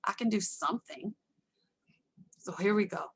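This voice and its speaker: A woman telling her life story to an online audience, casual and candid, with self-mocking asides and lively acted-out quotes. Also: moderate pace, gravelly, husky. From Texas. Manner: animated, acts out quoted voices with sudden pitch jumps. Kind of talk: casual personal storytelling with humor.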